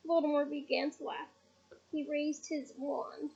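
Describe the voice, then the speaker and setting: Woman reader, high mellow voice, unhurried, deliberate storytelling, dull lo-fi recording. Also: flat delivery, vocal fry. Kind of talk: audiobook reading.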